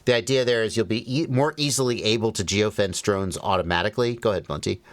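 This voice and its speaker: A man's voice: fairly low pitch, quick pace, dry recording. A man hosting a livestream, reading phrases aloud and commenting wryly as he thinks them through. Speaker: livestream host.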